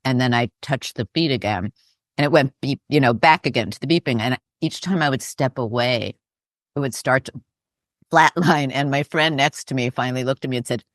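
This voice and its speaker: A podcast co-host responding thoughtfully to a guest and sharing personal stories in a calm, conversational way. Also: medium pitch, fairly quick, no echo, clean studio sound. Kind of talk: conversational spiritual podcast talk.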